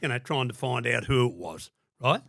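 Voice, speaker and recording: A man's voice: mid-range voice, lively intonation, moderate pace, gravelly, a bit bright, slightly rough, no room sound, studio quality. An older man with an Australian accent from Sydney, telling stories as a podcast guest in a blunt, heavily profane way. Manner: blunt, heavy swearing, acts out quoted dialogue. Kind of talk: casual storytelling.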